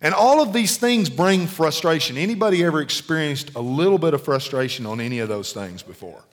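A middle-aged man preaching in a casual, conversational style. His voice sits somewhat high for a man, and he keeps checking in with the congregation through questions. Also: animated, a little fast. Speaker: pastor. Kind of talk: sermon.

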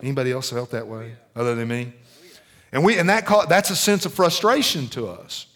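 Preaching fairly quickly in a mid-range, rather bright voice, a middle-aged male pastor keeps his sermon conversational and frequently poses questions to the congregation.

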